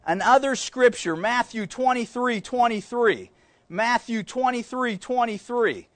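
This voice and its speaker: A man's voice: very high-pitched, fairly bright tone, dry recording. A man preaching a sermon, reading scripture and repeating key phrases with emphasis as he addresses the congregation as folks.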